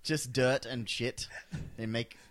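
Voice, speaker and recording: A man co-hosting a casual podcast, joking and teasing his friends with deadpan asides. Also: mid-range voice, slow pace, no room sound. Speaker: podcast co-host. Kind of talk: casual banter. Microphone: studio mic, one shared channel.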